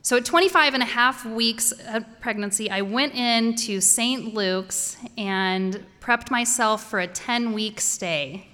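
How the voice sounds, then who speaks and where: A woman's voice: fairly high pitch, takes it slowly, hardly any pauses, pushed and bright. A woman telling a personal story before an audience, conversational and wryly humorous. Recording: echoey hall.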